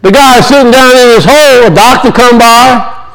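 Man, preacher, high voice, folksy, storytelling sermon. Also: moderate pace, fairly bright tone, poor audio. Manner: folksy storytelling, plain spoken grammar. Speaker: pastor.

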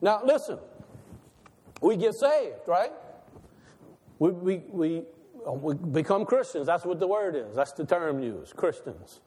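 Male pastor, very high voice, animated sermon delivery with a long hall reverb. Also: a little slow, pauses often, slightly rough. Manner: animated preaching, rhetorical questions, laughs between lines.

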